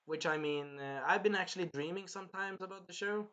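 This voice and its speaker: A man reviewing an anime episode in casual chat, animated and swearing, acting out lines from the show as he goes. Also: sits high, a little fast. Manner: animated, swearing, retells scenes in put-on voices.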